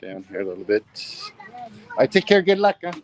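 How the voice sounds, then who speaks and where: A man's voice: fairly low pitch, sing-song, quick pace, a little hiss or hum, low-quality recording. An American man vlogging while out walking, rambling casually and saying "bro" at the end of nearly every line. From United States. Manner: rambling, says "bro" constantly. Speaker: travel vlogger. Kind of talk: casual vlog chat. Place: outdoors and in a mini market by a beach.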